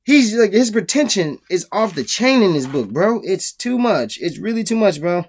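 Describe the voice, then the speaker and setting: A man's voice: sits high, sing-song, moderate pace. A man giving a casual, profane rant in his own book review, exasperated and mocking.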